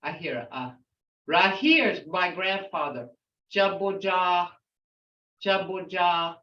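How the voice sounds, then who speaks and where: An older woman teaches a language class at a very slow pace, saying each word twice so her students catch the sounds. She speaks in a plain, outspoken way. She sits back from the mic, and the dull, roomy recording has a muffled, echoing quality. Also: lowish voice, very animated, pushed and bright, distant mic. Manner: slowly repeats words to model pronunciation.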